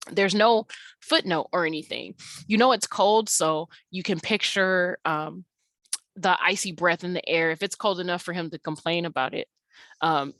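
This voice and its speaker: A woman's voice: fairly low pitch, fairly bright tone, no echo. A woman teaching an English class in a recorded slide tutorial, explaining casually with lots of fillers and restarts.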